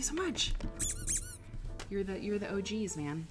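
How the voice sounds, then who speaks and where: A woman's voice: medium pitch, sing-song, measured pace, over music. A woman hosting a live stream in casual chat, rambling and laughing as she talks, with lots of "like" as filler. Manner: rambling, chatty, full of "like" and laughter. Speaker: livestream host.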